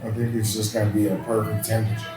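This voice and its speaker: A man's voice: fairly low pitch, little pitch movement, rapid-fire, over music. A man co-hosting a podcast, joking in casual chat and playing out imagined lines. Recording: echoey room, off-mic, with background noise.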